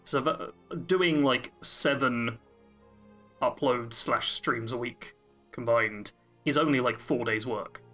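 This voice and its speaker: A man's voice: mid-range voice, takes it slowly, bright, forceful tone, faint music behind. A man co-hosting a gaming podcast, chatty and upbeat, explaining his plans at length. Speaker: podcast co-host. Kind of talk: casual podcast chat.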